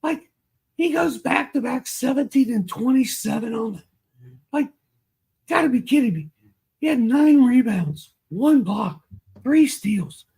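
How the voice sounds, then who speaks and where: Man, podcast analyst, husky gravelly voice, slow deliberate delivery, blunt and slangy. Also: extremely high pitch, lively intonation, warm tone. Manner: emphatic, slangy, blunt opinions. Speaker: co-host and fantasy analyst. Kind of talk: casual fantasy basketball podcast chat.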